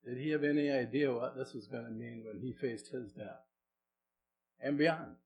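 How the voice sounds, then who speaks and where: A middle-aged man, a pastor, preaching a sermon in a conversational way, asking the congregation questions and moving between soft and loud delivery. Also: medium pitch, moderate pace, gravelly, highs cut off, a little hiss or hum.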